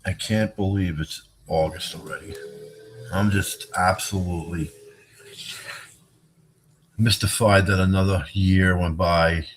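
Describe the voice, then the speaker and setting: A man's voice: fairly even intonation, a little slow, long pauses, a little hiss or hum. A middle-aged man rambling casually on his own livestream, joking and telling stories. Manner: rambling, jokey, swings into high squeaky bits. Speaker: livestream host.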